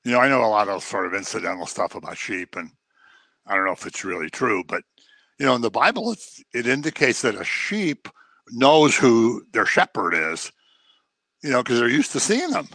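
A man preaching a sermon in an animated way, acting out the voices he quotes. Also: medium pitch, normal speed, no room sound.

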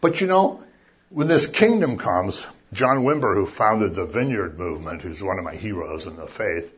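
Male preacher, husky voice, casual and jokey, then bursts loud for emphasis; muffled lo-fi recording. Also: low-pitched, lively intonation, moderate pace. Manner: conversational, with jokey asides and sudden loud emphasis. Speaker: pastor. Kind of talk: sermon.

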